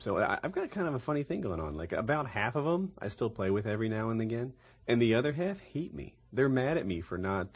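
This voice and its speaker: A man's voice: on the low side, darkish tone, breathy edge. A young man chatting casually with friends about gaming, rambling and correcting himself as he tells stories. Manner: rambling, self-correcting storyteller. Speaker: YouTube gamer, podcast host. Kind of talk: casual group chat.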